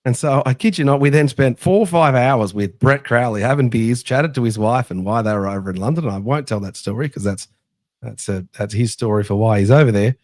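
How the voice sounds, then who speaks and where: A man with an Australian accent hosts a sports podcast in casual chat. He tells stories in a chatty, animated way, at a middling pitch. The sound is dry and close. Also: fairly quick, dry recording. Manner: chatty storyteller, animated anecdotes. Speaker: podcast host.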